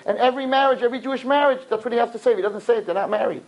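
A man teaching a religious lesson to a class, telling stories with lively acted-out voices and sudden pitch jumps. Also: very fast, hardly any pauses, dull audio, a faint crowd. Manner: lively storytelling, jumps high in pitch, acts out characters. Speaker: rabbi teacher. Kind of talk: animated classroom lecture.

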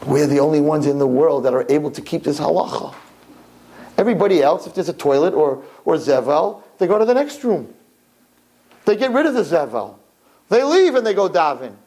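A man playing a devout prisoner who urgently pleads with his brother and then shouts with joy about their faith. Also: fairly high pitch, big pitch swings, fairly quick, poor audio. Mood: exultant. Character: faithful male prisoner, fervent and joyous.

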